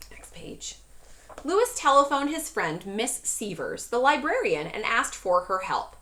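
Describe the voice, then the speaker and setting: Expressive teacher reading aloud. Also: female voice, a little high, a little slow. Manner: questioning, expressive. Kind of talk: reading a storybook to a class.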